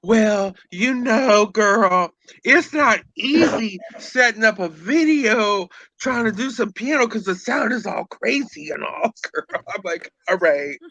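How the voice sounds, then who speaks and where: A man's voice: high-pitched, expressive, slow, sharp tone, dry recording, low-quality recording. A man hosting a casual gossip chat, sassy and theatrical, calling his co-host girl and honey.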